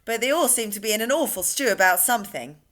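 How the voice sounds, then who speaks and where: A woman's voice: fairly high pitch, animated, fast, fairly bright tone. A woman voicing an offhand male centipede in a storybook reading, casual and breezy.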